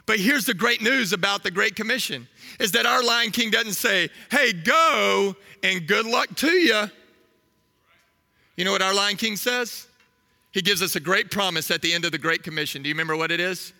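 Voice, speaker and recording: A man in his thirties preaching a sermon, telling a story with animated energy and asking the crowd questions. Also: high voice, fairly quick, big-room sound.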